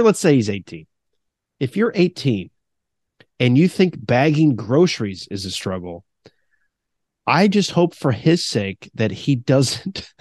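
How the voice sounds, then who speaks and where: A man's voice: mid-range voice, dry recording. Guy in his 30s on a podcast, voice bounces up and down a lot, dry close sound, rambling storyteller. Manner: rambling storyteller, laughs often. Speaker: podcast co-host. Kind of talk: casual chat.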